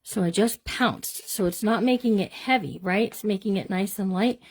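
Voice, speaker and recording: With a husky voice at medium pitch and a moderate pace, this middle-aged craft livestream host works live in her home craft room and chats with viewers throughout. She's bubbly, talks to them as "you guys," and invents playful words.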